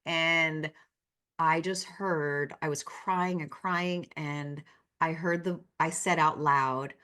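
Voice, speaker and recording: A woman's voice: sits low, fairly even intonation, takes it slowly, pushed and bright. A woman speaking as a guest in a casual interview, telling personal stories in an earnest, heartfelt way.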